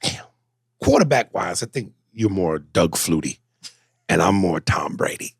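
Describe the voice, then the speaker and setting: Animated man on a podcast, dry close mic. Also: a little slow, creaky, slightly rough, dry recording. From United States. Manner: animated, jumps into high-pitched voices and impressions. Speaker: podcast co-host. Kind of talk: casual podcast banter.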